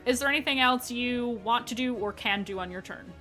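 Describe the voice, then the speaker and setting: Bright-voiced woman running a tabletop game. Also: on the high side, a little fast, soft background music. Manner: friendly, explains rulings, checks in with players. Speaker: dungeon master.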